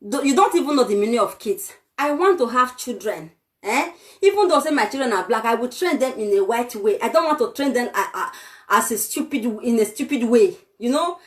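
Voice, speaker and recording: Young woman, Nigerian accent, high voice, fiery scolding rant, vlog. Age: young adult. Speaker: vlogger. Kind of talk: ranting vlog.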